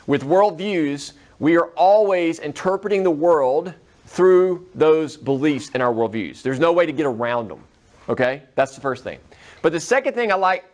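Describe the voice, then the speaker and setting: Conversational male teacher, fairly high voice. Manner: conversational, checks in with students often. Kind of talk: classroom lecture. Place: classroom.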